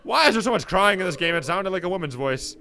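A young man, reading game text and commenting, excitable and jokey. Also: sits high, fast talker, vocal fry. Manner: excitable, jokey, thinking aloud. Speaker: gameplay commentator.

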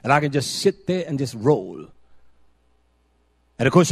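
An older man delivers a sermon in a high-pitched voice. He tells quiet, rambling stories, then rises into loud, emphatic preaching, repeating single words for force. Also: moderate pace, long pauses.

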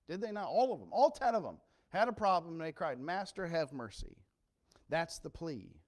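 A man preaching a sermon as pastor, passionate and earnest, dropping low and quiet then rising to loud emphatic cries.

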